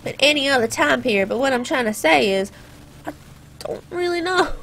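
A teenage girl with a bright, high voice talks casually over her gameplay. She rambles and wanders into playful, sarcastic asides. Her voice sits well above most women's. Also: animated, normal speed, faint music behind. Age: teens. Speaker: gaming channel host.

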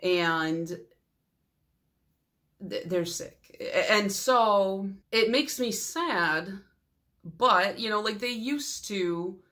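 A woman's voice: medium pitch, lively intonation, extremely slow, pauses often. A young adult woman vlogging about her nail polish collection in a casual, rambling chat full of fillers and sentimental asides. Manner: chatty and rambling, many fillers; warm, sentimental storytelling.

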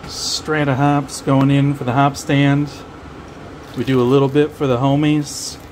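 A man's voice: medium pitch, flat delivery, measured pace, darkish tone, slight background noise. A man casually vlogging his home brew day, rambling and playful, thinking aloud with many fillers. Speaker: homebrewing vlogger. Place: home brewery in Denmark during a heat wave.

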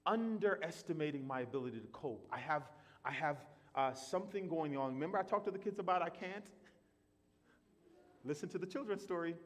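A man preaching a sermon in a church, animated, surging loud for emphasis and then dropping quiet and slow. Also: a little high. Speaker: pastor. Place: church sanctuary. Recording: long reverb of a church hall.

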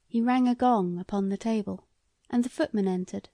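In studio-quality audio without any echo, a woman narrates a classic short story for an audiobook. Her mid-range voice delivers the scripted text evenly and at a measured pace.

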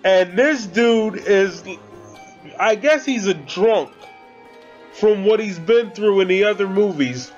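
Slangy man with a high voice. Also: lively intonation, slow pace, lo-fi sound, faint music behind. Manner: slangy, chatty, addresses viewers as guys and bro. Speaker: movie reviewer. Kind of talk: casual spoken movie review.

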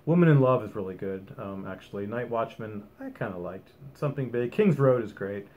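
A man's voice: on the low side, lively intonation, fairly quick, darkish tone, muffled recording. A man giving a casual, rambling album review at home, enthusiastic and full of ums and restarts. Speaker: music vlogger.

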